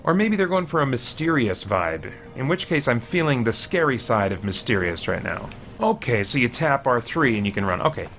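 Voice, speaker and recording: A man's voice: mid-range voice, moderate pace, few pauses, faint music behind. Jumpy man narrating his gameplay. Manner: jumpy, excitable, easily startled. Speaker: gameplay commentator. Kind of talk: let's play commentary.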